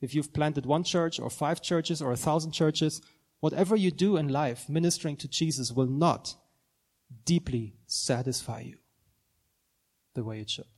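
Guy preaching in church, kinda high voice, earnest and gets fired up. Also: moderate pace, darkish tone. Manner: earnest, building to fervent proclaiming. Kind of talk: sermon.

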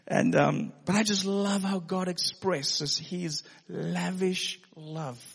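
A pastor telling a personal story in a sermon, earnest and given to laughing. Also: male voice, sits high, fairly even intonation, slow pace, vocal fry, a bit bright, breathy edge. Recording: long hall reverb.

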